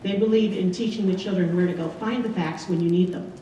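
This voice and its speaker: A woman's voice: fairly low pitch, fairly even intonation, fairly quick, mellow, a little hiss or hum. Chatty woman in an echoey room. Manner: chatty, many ums, light laughs. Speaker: returned missionary giving a slideshow talk. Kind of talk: casual slideshow presentation. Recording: echoey room, distant mic.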